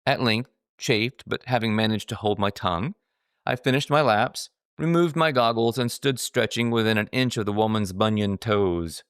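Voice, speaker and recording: Wry, low-voiced man reading his memoir. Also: normal speed, a bit bright, smooth, dry recording, studio quality. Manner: wry, self-mocking storytelling. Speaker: author narrating his own book. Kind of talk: scripted memoir narration.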